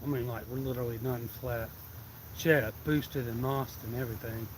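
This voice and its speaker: A man's voice: mid-range voice, steady tone, fairly quick, background noise. A man hosting a live stream, telling a rambling, colloquial story and acting out the people he quotes. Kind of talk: casual storytelling.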